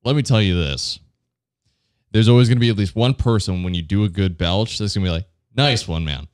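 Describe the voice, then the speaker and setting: A man's voice: lowish voice, fast talker, a little mellow. A man co-hosting a podcast in casual chat, ranting sardonically and swearing. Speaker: podcast co-host.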